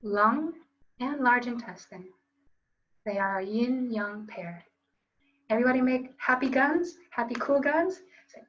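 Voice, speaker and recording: A woman's voice: on the high side, unhurried, a bit bright, lo-fi sound, slight background noise. A woman teaching a qigong class online, coaching students in an upbeat, playful way with call-and-response phrases. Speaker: qigong instructor.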